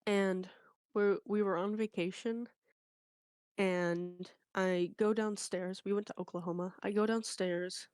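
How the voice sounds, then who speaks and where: A woman's voice: medium pitch, measured pace, clean tone, dry recording, clean studio sound. A woman telling a funny story in casual chat, acting out the people in it. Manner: animated anecdote telling with quoted voices. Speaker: co-host.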